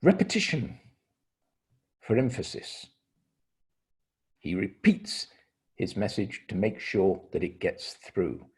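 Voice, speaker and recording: A middle-aged man gives an online training seminar in a husky, fairly low voice. His pitch moves a lot, rising on stressed words and dropping at the ends of sentences. He explains step by step and leaves deliberate pauses. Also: big pitch swings, darkish tone. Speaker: English communication trainer.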